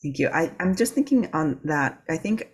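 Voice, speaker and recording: A woman's voice: low voice, lively intonation, moderate pace, breathy edge. A woman hosting a podcast interview, affirming her guest and asking follow-up questions. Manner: warm, affirming listener with soft laughs. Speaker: podcast host. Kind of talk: interview chat.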